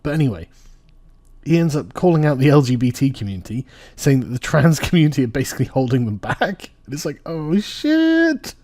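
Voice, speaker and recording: A man's voice: medium pitch, warm tone. A man giving casual political commentary, profane and sarcastic, often laughing. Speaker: commentary vlogger. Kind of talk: casual political commentary reacting to clips and articles.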